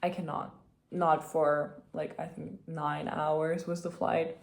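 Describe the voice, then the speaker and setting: Lowish voiced woman vlogging, super chatty, lots of likes and ums. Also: slow pace, creaky. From Austria. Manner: chatty, many fillers, animated retelling. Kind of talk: casual storytelling vlog.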